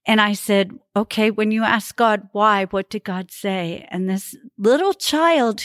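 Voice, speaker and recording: A woman's voice: mid-range voice, dry recording, clean studio sound. A woman telling a personal faith story as a podcast guest, earnest and emotional.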